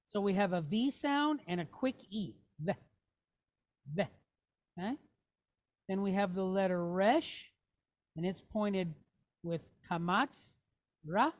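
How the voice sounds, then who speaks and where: A woman's voice: medium pitch, expressive, unhurried, pauses often. A woman teaching a classroom lesson, patiently walking through letters and checking in with her students. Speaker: Hebrew teacher.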